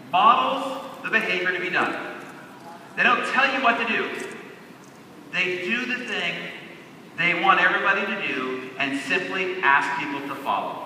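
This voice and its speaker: A man's voice: high voice, pushed and bright, slight background noise. A man giving a motivational convention keynote, stressing key words by drawing them out. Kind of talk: motivational stage speech. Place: large convention hall. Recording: echoey hall, heard from a distance.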